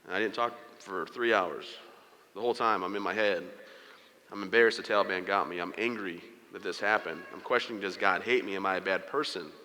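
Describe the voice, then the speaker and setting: Fast, bright-voiced man speaking in a hall. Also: low voice, a little hiss or hum. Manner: storytelling with humor, quoting others in character. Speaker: motivational speaker. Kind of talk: motivational keynote speech. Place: large hall before an audience. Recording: reverberant hall.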